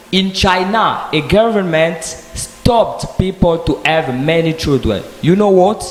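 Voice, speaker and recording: Man, measured lecturing debater, very slow delivery, roomy hall echo. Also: high voice. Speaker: debate participant. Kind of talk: slow argumentative speech in a discussion group. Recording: echoey hall with long reverb.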